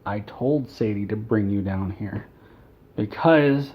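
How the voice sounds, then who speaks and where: A man's voice: lowish voice, slow, slightly rough, dull audio. A man doing a sly gigantic rat king. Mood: scheming.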